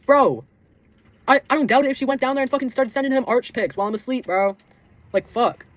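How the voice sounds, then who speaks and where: Fast-talking teenage boy ranting, heavy swearing. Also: very high voice, dry recording. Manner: heated, swears constantly, fillers like "bro" and "dude". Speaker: vlogger. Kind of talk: casual storytime rant.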